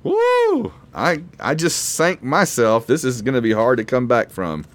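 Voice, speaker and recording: A man's voice: mid-range voice, wildly swooping pitch, a little slow. A man hosting a casual trivia quiz, rambling and self-deprecating as he reads questions and reacts. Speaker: quiz host.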